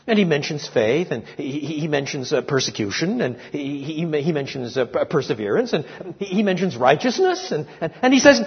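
An older man preaching an expository sermon, animated and full of restarts, building to emphatic rhetorical questions. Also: a little high, normal speed, breathy edge. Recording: lo-fi, echoey hall recording.

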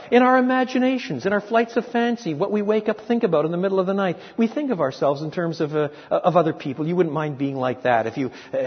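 An older man preaching an expository sermon, animated and full of restarts, building to emphatic rhetorical questions. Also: fairly high pitch, husky. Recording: lo-fi, echoey hall recording.

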